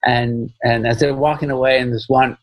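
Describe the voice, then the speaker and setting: A man's voice: mid-range voice, flat delivery, moderate pace, no echo, poor audio. A man talking as a film director in a casual podcast interview, rambling and repeating phrases with many "you know"s.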